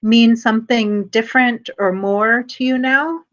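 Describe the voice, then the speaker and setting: A woman's voice: on the high side, steady tone, measured pace, a bit bright, highs cut off. A woman editor interviewing an author on a video call, laughing often and hesitating with fillers.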